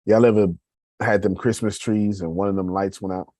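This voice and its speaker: A man with a lowish, mellow voice and fairly even intonation gives a casual motivational talk about his business at normal speed. He speaks straight to listeners, calls them y'all, and rambles through his points conversationally with restarts. There's no echo.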